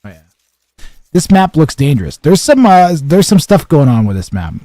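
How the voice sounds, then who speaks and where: Chatty young male streamer, dark dry voice. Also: fairly high pitch, very animated, normal speed, dry recording. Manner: rambling, chatty, many fillers and restarts. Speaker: streamer and game caster. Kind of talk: casual live-stream chat and commentary.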